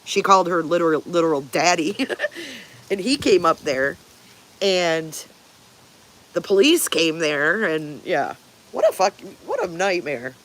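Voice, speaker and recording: A woman's voice: on the low side, sing-song, unhurried, long pauses, a bit bright. An older woman hosts a casual livestream and answers her viewers one by one. She is blunt and swears freely, with frequent chuckles. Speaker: livestream host.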